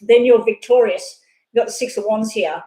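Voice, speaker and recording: A woman doing a live tarot reading, talking fast and rambling off on side chats. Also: on the high side, dark tone. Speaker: tarot reader. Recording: echoey room.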